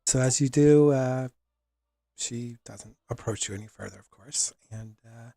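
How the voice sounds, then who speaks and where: A man narrating a tabletop role-playing game as game master, relaxed and with many fillers. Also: medium pitch, a little slow, creaky, dry recording.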